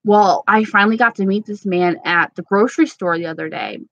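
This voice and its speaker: A woman's voice: medium pitch, fairly quick, fairly bright tone, no echo, highs cut off. A woman from New York, chatting casually and giggling as she rambles through viewer comments as a beauty vlogger. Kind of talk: casual live chat reading comments.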